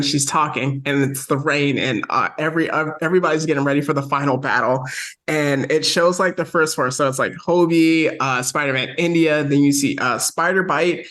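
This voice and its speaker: A man co-hosting a podcast, recapping a movie plot in a rambling, excited way. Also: on the high side, moderate pace. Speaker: podcast co-host. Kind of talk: casual movie review chat.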